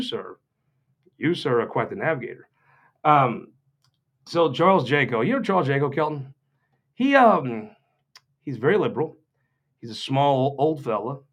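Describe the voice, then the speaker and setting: Sardonic, rambling man from Missouri. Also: medium pitch. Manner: sardonic, joking and rambling, with mocking asides. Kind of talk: off-the-cuff humorous political talk.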